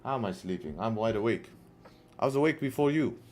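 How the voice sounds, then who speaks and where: Chatty male forex streamer, low voice. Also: animated, brisk, a little mellow, a little hiss or hum. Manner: chatty, repeats "right?" and "guess what", banters with chat. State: tired, yawning. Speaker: livestream forex trader. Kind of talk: casual live trading commentary.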